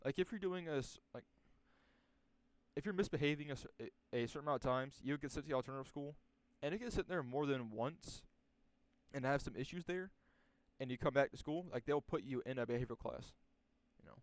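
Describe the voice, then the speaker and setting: Young male storyteller, laid-back and rambling, crude language, mid pitch, dry recording. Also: a little fast, no room sound. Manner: rambling, profane, many restarts and fillers. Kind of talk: casual storytelling.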